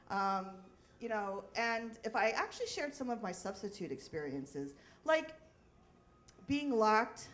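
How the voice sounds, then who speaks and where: A middle-aged woman telling a personal story live to an audience, chatty and self-deprecating, laughing often and restarting sentences. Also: mid-range voice. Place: live event in front of an audience.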